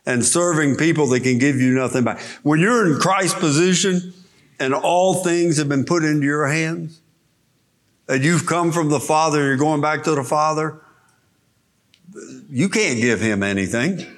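A man's voice: a little high, normal speed. A man preaching a sermon, teaching verse by verse through a Bible passage and explaining the original words.

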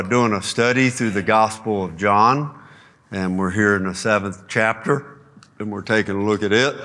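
A man opening a sermon as pastor in a calm, measured way. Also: on the low side. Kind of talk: sermon introduction.

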